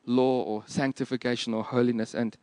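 A man's voice: mid-range voice, little pitch movement, a little fast, darkish tone, no room sound. A man preaching a sermon in an earnest, emphatic and plain-spoken way. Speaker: pastor.

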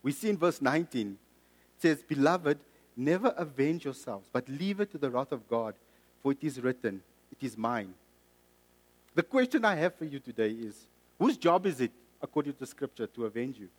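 A man's voice: mid-range voice, animated, normal speed, in a large hall, rough recording. A middle-aged man from South Africa and Mozambique preaching a sermon, earnest and personal, telling a story with frequent restarts.

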